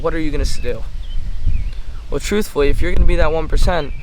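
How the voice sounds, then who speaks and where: A teenage boy with a fairly high voice, lecturing hard and swearing freely as he walks outside. The phone recording picks up a faint hum of outdoor ambience behind him. He talks straight at the listener, pushing and challenging. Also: fast. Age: teens. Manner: blunt, profane, fired-up, lectures the viewer directly. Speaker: trading mentor vlogger. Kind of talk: intense motivational rant. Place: outdoors at a playground.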